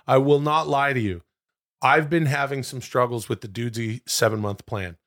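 A man co-hosting a comedy podcast, brainstorming in a casual, excitable way, swearing freely and jumping up in pitch as he riffs. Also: normal speed. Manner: animated, excitable, jumps high in pitch when riffing. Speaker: podcast co-host.

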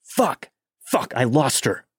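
A man's voice: on the low side, fairly even intonation, moderate pace, husky, no echo, clean studio sound. A man voicing an intoxicated, furious young man who curses and snarls. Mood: screaming. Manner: snarling, cursing.

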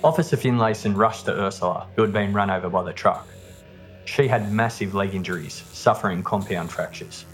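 A man hosting a podcast, telling a true-crime story in a steady, measured scripted narration. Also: fairly low pitch. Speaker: podcast host. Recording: narration over background music. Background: music.

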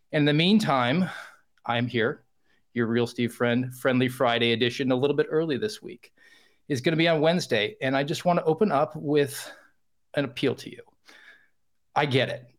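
A man filling in as podcast host, talking in a chatty, self-deprecating way with frequent fillers. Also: mid-range voice. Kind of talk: casual podcast monologue.

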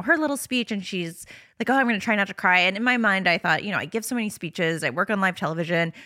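A woman's voice: lowish voice, sharp tone, no room sound, studio quality. A woman hosting a podcast in casual chat, talking in a chatty, rambling way and laughing often. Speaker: podcast host.

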